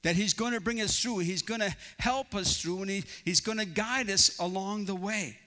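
Bright-voiced male pastor preaching. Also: high-pitched, moderate pace. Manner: earnest, storytelling preacher with frequent restarts. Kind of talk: sermon. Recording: long reverb in a large hall.

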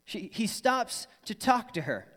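A man's voice: high voice, sing-song, a little slow, a bit bright, slightly rough, long reverb tail. A man preaching a sermon in church, earnest and personal, sometimes voicing people's imagined thoughts. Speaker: pastor.

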